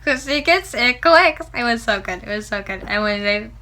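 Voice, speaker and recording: Excitable high-voiced young woman gushing. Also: normal speed. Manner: excitable, gasping and laughing, frequent "like". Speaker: book vlogger. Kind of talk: gushing book review vlog.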